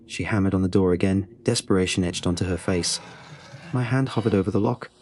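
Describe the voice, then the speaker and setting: A man's voice: low voice, fairly quick, darkish tone, slight background noise. A man narrating a scripted first-person horror story in a tense, suspenseful way.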